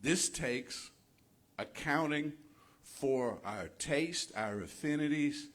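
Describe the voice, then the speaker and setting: A male minister giving a sermon in a spiritual center, asking his listeners rhetorical questions in a measured, reflective way. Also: medium pitch.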